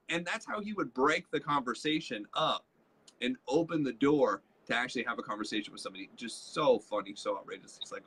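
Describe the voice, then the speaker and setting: A man co-hosting a live leadership show, telling stories with lively quoted voices. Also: medium pitch, a little fast, husky. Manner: animated storytelling with quoted voices. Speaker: co-host, leadership trainer. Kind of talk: casual live-stream teaching.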